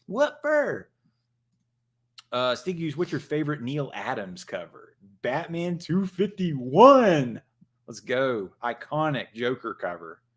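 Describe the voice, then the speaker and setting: A man's voice: medium pitch, big pitch swings, unhurried, breathy edge. A man hosting a casual livestream chat, rambling and joking with plenty of profanity. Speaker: channel host.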